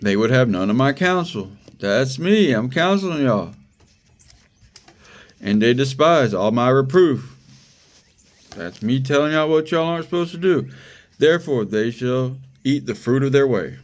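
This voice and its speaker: A man's voice: medium pitch, expressive, unhurried. Brief: male preacher, informal and conversational, drives points home by repetition. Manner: conversational, repeats phrases for emphasis, laughs. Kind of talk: casual sermon.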